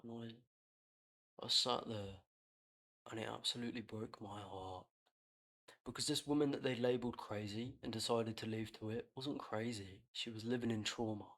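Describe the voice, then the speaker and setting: Blunt, lower-voiced man. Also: fairly even intonation, normal speed, fairly bright tone. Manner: blunt and reflective, swears freely. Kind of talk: candid personal podcast talk.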